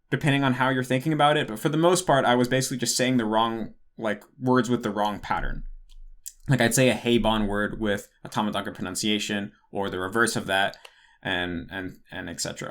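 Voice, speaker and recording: A man's voice: medium pitch, a bit bright. A young man hosting a casual Q&A, talking in a rambling way and often correcting himself. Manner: rambling, self-correcting, many "like" fillers. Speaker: host answering patron questions. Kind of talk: casual Q&A monologue.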